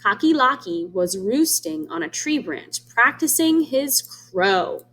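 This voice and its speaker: A woman reads a children's storybook aloud, pausing to explain words and ask the children what they think. Her voice moves up and down in a very lively, expressive way. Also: sits high, creaky, a little hiss or hum. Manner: warm, explains words to children, asks them questions. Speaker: teacher reading aloud. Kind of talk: children's read-aloud lesson.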